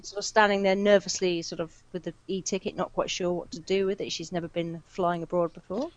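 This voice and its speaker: A woman's voice: on the low side, level tone, fairly quick, no room sound. A woman, a player describing her character in a chatty, casual way. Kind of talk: casual chat while playing a tabletop game. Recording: dull lo-fi sound with faint hiss.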